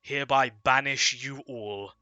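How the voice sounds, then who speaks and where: A man's voice: mid-range voice, a little slow, sharp tone, clean tone, no room sound, muffled recording, voice pushed up. A man playing a stern town warden. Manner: formal, solemn pronouncements. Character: stern older male town warden, grave.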